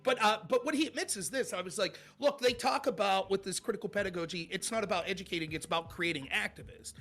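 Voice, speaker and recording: A man's voice: high-pitched, fast talker. A man guesting on a podcast, telling debate stories in casual talk and mimicking his opponents. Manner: animated, mimics opponents in quoted voices.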